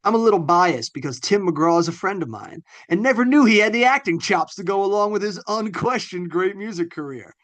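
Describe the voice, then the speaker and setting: A man's voice: high-pitched, lively intonation, fairly quick, hardly any pauses, a bit bright, pitched above the performer's own voice. A man voicing a blustering Southern man raving about football, in a put-on drawling Southern accent. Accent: put-on American Southern. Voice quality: drawling and emphatic.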